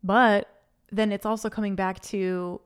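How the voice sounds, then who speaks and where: A woman hosts her own podcast alone at a studio microphone, offering an unscripted, earnest, faith-filled stream of consciousness that rambles. Her medium-pitched voice is smooth and a little slow, with little pitch movement.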